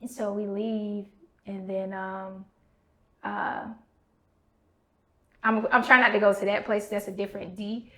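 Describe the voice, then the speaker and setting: Woman in her 30s, podcast host telling her story, animated, does the voices of people she quotes. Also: mid-range voice, a little slow, long pauses. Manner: animated, acts out quoted dialogue. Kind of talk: candid conversational storytelling.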